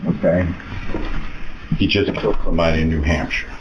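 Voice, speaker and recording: A man's voice: low voice, steady tone, normal speed, dull audio, background noise. A man rambling casually as he tells police about a call. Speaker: stepfather speaking to police.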